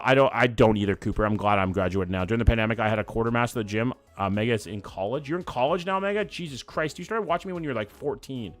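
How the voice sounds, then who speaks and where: A young man, chatting casually with his live-stream chat while playing a guessing game and thinking aloud. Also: medium pitch. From Canada. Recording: dry close mic with faint background music.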